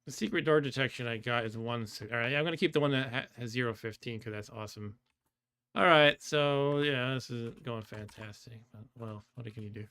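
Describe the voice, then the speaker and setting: A man talks through his game on a live stream, thinking out loud and trailing off mid-thought. His voice is bright and crisp. He laughs often, reads chat aloud, and keyboard typing clicks along underneath. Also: medium pitch, a little fast. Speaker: streamer playing a computer game. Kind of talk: casual live-stream commentary.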